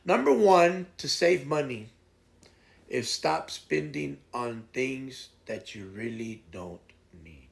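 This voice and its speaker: A man's voice: mid-range voice, animated, slow, gravelly. A man hosting a casual morning stream, rambling through folksy stories and advice. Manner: rambling, folksy, retells stories with voiced quotes. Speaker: live streamer host. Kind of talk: casual morning chat and storytelling.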